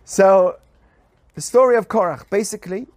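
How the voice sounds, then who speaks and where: A rabbi with a notably high voice teaches the weekly Torah portion on a podcast. He speaks in an animated way and keeps throwing rhetorical questions at his listeners. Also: moderate pace.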